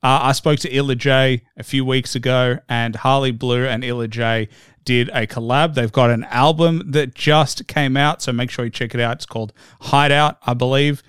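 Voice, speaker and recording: A man's voice: medium pitch, fairly even intonation, moderate pace, fairly bright tone, clean tone, no room sound, studio quality. An Australian man hosting a podcast interview, upbeat and chatty, rambling with lots of fillers. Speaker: podcast host. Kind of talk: casual interview chat.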